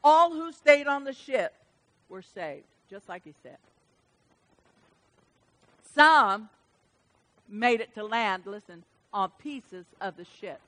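A woman pastor preaching a sermon at a church service, swinging from loud emphatic calls to soft, hushed lines. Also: medium pitch.

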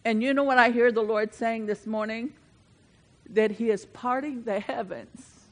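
An older woman preaching a sermon, moving between fervent, building passages and chatty asides with the congregation. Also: unhurried. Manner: swells louder and higher when preaching, drops to chatty asides with the congregation.

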